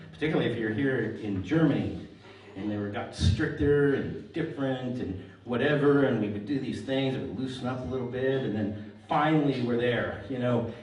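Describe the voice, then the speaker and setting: A man's voice: medium pitch, a little mellow, slight background noise. A middle-aged man performing a stand-up comedy set, telling stories dryly and landing puns as punchlines before a live audience. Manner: dry storytelling with pun punchlines. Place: large hall on stage before live audience. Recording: echoey hall, mic at a distance, crowd laughter. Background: audience laughter.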